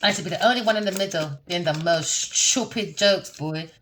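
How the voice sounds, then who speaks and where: Talking a little fast, with a little hiss or hum in the background, a tarot reader gives a casual, brash reading. She curses, mocks, laughs often, and veers between quiet muttering and loud, high-pitched bursts.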